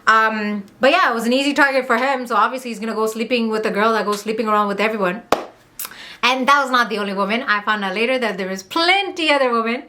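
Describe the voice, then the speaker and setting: Young woman vlogger, storytime confessional; bright, slightly high voice, candid and heated. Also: a little hiss or hum. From Montreal, Canada. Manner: candid, heated, swears, quick asides. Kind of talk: casual storytime vlog.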